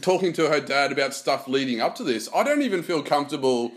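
A man's voice: fairly high pitch, lively intonation, fast talker. A middle-aged man, co-hosting a casual comedic chat with rambling, crude jokes. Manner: joking, rambling, crude humor. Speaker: podcast co-host.

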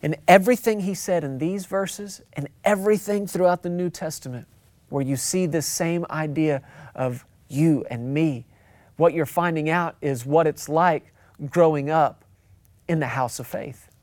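Pastor preaching a conversational sermon. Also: male voice, fairly high pitch, a little slow, a little mellow, no room sound. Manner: conversational, repeats for emphasis, acts out quotes.

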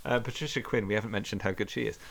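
A man's voice: lowish voice, fairly even intonation, very fast, creaky, a bit bright, slight background noise. A man co-hosting a podcast, telling a story in a casual chat, laughing often and acting out quotes. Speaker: podcast co-host.

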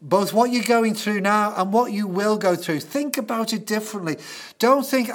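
A man's voice: sits high, normal speed. A man preaching a sermon, telling stories earnestly and with emphasis.

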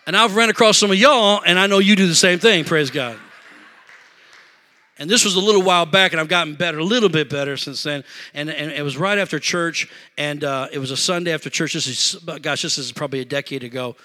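A middle-aged man preaching a sermon in a church, telling a story in an animated, emotional way and talking straight to the congregation. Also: a little high, a little fast. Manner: animated, emotional, talks to congregation with "y'all" and "amen". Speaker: pastor. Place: church sanctuary.

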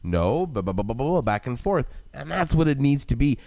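A man hosting a casual chat, easygoing and relaxed as he asks questions. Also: medium pitch, fairly quick.

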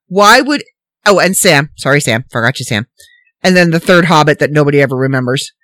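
A woman hosting a casual solo podcast, ranting in an animated, incredulous, rambling way. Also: low-pitched, brisk, no echo. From Canada. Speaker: podcast host.

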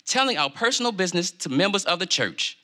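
A man's voice: high voice, big pitch swings, fast, pushed and bright, exaggerated voice. A man playing a frustrated young pastor. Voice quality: earnest, complaining, pleading. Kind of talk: church comedy drama acting.

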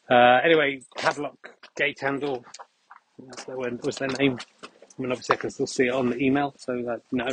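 A man hosting a podcast, rambling through a deadpan comic monologue outdoors while walking. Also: medium pitch, moderate pace, background noise. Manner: deadpan, absurd asides. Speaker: podcast host. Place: outdoors on a dog walk.

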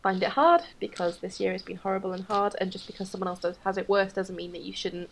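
Woman podcast co-host, gravelly fry, blunt self-deprecating humour, casual. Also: medium pitch, quick pace, slight background noise. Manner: frank, self-mocking, swears casually. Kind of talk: casual chat.

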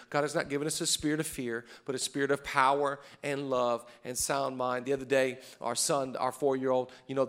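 A man in his thirties preaching a fervent sermon as pastor, repeating rallying lines. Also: mid-range voice.

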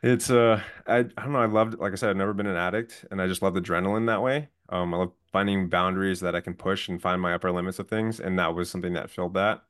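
Low-voiced man telling his story. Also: fast, few pauses. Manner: calm, earnest, candid with profanity. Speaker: podcast guest. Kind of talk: personal storytelling.

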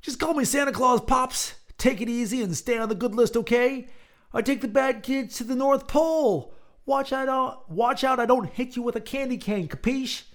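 A man doing a booming mobster Santa. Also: moderate pace. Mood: menacing. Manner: booming, tough-guy slang. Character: gruff fake Santa kidnapper, menacing mobster type.

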